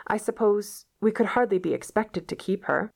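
A woman's voice: mid-range voice, expressive, moderate pace, vocal fry, pitched above the performer's own voice. A woman reading as a shy, stammering old farmer. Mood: reluctant. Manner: hesitant, reluctant, stammering. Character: shy, kindly older farmer man.

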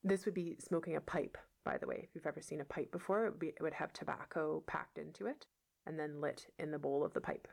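A woman reading a novel aloud as a teacher, pausing for patient explanations of words. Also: low voice, steady tone, vocal fry, a little mellow. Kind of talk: read-aloud lesson explaining vocabulary.

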